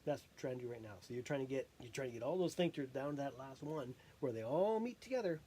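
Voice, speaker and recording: A person rambling through a self-recorded monologue, halting and often breaking into laughter while catching their breath. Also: medium pitch, animated, warm tone, a little hiss or hum.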